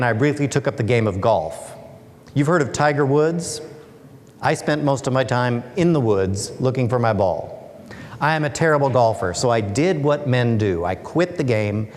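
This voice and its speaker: A guest speaker and author gives a humorous presentation in a lecture hall, tossing playful rhetorical questions at the audience. His slightly mellow voice sits in an ordinary middle range and carries a long reverb from the room.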